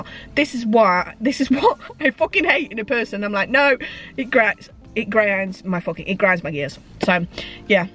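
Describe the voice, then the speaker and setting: A woman in a casual book chat vlog, retelling a story in a chatty way and swearing freely. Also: medium pitch. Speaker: book vlogger.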